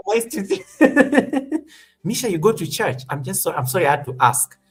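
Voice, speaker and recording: Higher-voiced man reading out the chat. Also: very animated, normal speed, slightly rough, soft background music. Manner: reads out chat names, shouts out members. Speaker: co-host. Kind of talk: casual live-stream chat.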